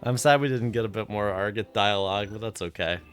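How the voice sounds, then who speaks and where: A man co-hosting a let's play with casual, joking commentary, reeling off trivia quickly. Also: fairly low pitch, fairly bright tone, clean tone, soft background music. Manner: joking, reads trivia fast.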